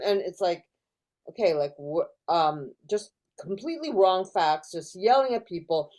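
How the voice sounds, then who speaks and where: Middle-aged woman academic interviewee, mellow warm voice, thoughtful and halting, on a video call. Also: fairly low pitch, animated. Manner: thoughtful, lots of fillers and restarts, acts out quoted voices. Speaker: professor being interviewed. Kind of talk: casual academic discussion. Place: in California.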